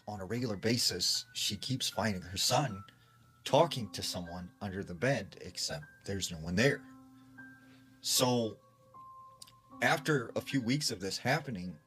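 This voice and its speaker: Male storyteller, lowish voice, relaxed storytime delivery, faint music bed. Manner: conversational, heavy use of "like", acts out quoted lines. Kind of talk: casual storytime narration.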